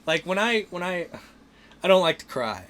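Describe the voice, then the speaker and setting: A man's voice: high voice, very animated, moderate pace, fairly bright tone. A young man hosting a casual movie podcast, candid and self-deprecating, chatting with "dude" and "like". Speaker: podcast host. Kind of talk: casual movie review chat.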